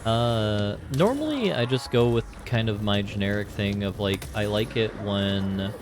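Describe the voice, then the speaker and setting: A man's voice: fairly low pitch, expressive, measured pace, background noise. A man streaming a video game live, chatting casually and rambling with lots of fillers. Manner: rambling, filler-heavy musing. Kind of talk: casual gameplay commentary.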